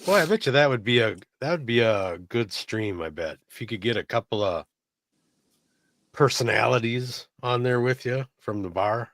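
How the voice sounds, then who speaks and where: A man's voice: mid-range voice, animated, normal speed, a bit bright, no room sound. A man co-hosting a casual stream chat, dropping dry, wry quips. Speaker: podcast co-host.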